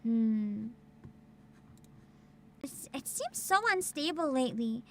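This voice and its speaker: A woman's voice: a little high, lively intonation, slow, slight background noise. A woman streamer chatting casually and rambling, laughing often as she talks. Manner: giggly, rambling, frequent laughter. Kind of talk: casual livestream chat.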